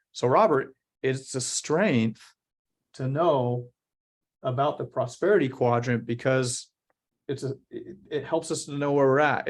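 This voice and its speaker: Earnest motivational man. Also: mid-range voice. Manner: earnest, motivational, slows to stress key words. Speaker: company founder and CEO. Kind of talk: interview answers.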